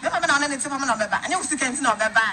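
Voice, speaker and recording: A woman tells an animated story in casual gossip chat. She talks quickly in a fairly high voice. A steady noise runs under the recording. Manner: animated storytelling, switching between Twi and English. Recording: noisy background.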